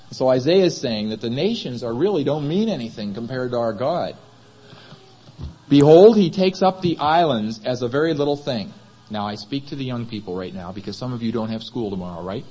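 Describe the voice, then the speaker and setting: A man's voice: mid-range voice, a little mellow, slightly rough, highs cut off. A man preaching a sermon in a chapel, questioning the congregation and answering himself. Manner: asks the congregation rhetorical questions.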